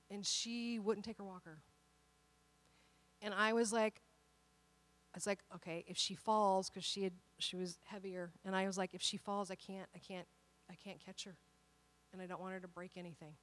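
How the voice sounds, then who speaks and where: This woman pastor's sermon centers on a personal story with quoted dialogue, building to an emphatic call of encouragement. She speaks at normal speed in a mid-range, fairly bright voice with fairly even intonation.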